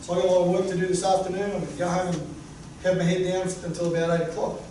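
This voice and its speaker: A man's voice: high-pitched, little pitch movement, very fast. A man presenting a sports coaching workshop to a live group, joking and punchy. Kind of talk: workshop talk. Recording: echoey room, far from mic, noisy.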